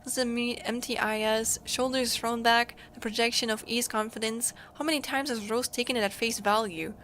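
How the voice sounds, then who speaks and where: A woman from Germany, a streamer reading a story game aloud with expressive, emotional storytelling. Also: on the high side, moderate pace, faint music behind.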